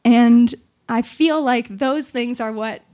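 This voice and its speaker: A woman hosting from a small live venue stage, fighting back tears as she talks. Her voice sits a little high, and she rambles, halts, and laughs her way through the emotion in casual on-stage chat. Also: takes it slowly, a little mellow. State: tearful, on the verge of crying. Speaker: host and singer-songwriter.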